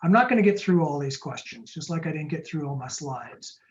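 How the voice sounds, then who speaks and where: A man, a startup lawyer, giving a quick, jokey webinar talk and answering audience questions over a video call. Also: a little high, lively intonation, dull audio. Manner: fast-talking, jokey and upbeat.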